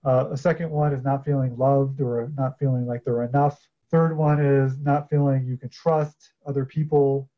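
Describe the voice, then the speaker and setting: Man explaining calmly over a dull line. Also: medium pitch. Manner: measured, explanatory, with fillers. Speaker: podcast guest, coach. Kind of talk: casual podcast interview.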